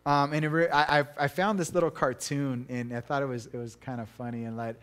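Middle-aged male pastor, casual sermon delivery, chatty and self-deprecating, mid-pitched voice. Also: steady tone, a little fast, hardly any pauses, a bit bright, clear, resonant tone. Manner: chatty, self-deprecating, many restarts and laughs.

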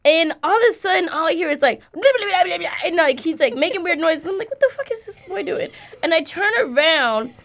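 A woman hosting a podcast, telling an anecdote in expressive casual chat, swearing and acting out scenes. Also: very high voice, brisk, few pauses. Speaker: podcast host.

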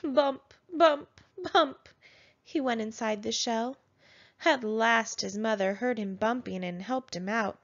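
Slow, gentle woman reading a storybook. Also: fairly high pitch, steady tone. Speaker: storybook narrator. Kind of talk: reading a picture book aloud. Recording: dull lo-fi sound.

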